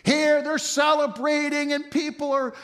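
A man preaching an expository sermon, telling the story with animated energy and rhetorical questions. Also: very high voice, a little slow. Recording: long hall reverb.

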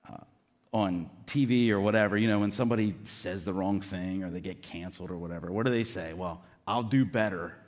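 A man preaching a sermon in an earnest, conversational way, with casual asides to the congregation. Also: medium pitch. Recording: long reverb of a hall.

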